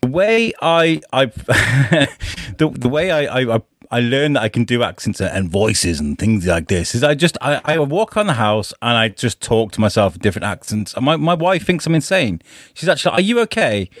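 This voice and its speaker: A man's voice: medium pitch, very animated, normal speed, dry recording, clean studio sound. A man hosting a podcast from his bedroom, chatty and jokey, slipping into little voices. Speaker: podcast host. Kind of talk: casual interview chat.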